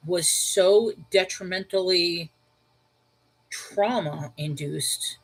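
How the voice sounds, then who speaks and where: A woman's voice: mid-range voice, breathy edge, rough recording. Woman, New York accent, livestream host; casual and conversational, reacting to viewer comments as she goes. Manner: talks things through out loud, reacting to viewer comments. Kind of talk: casual live-chat reply.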